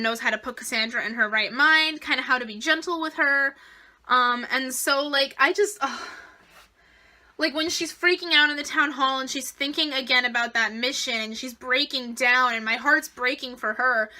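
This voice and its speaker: A woman reviewing a TV episode in a casual vlog, gushing and emotional, rambling excitedly. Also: high-pitched, normal speed.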